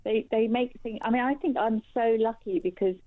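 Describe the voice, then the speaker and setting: A tearful woman in her sixties calling in to a talk show by phone, talking in halting, repeated starts. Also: on the high side, no echo. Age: 60s. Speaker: guest calling in. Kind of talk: emotional phone interview. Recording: phone line, dry.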